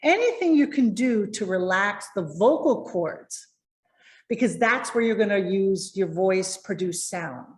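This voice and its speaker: A woman presentation coach giving lively, encouraging tips to viewers over a video call. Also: medium pitch, unhurried, echoey room.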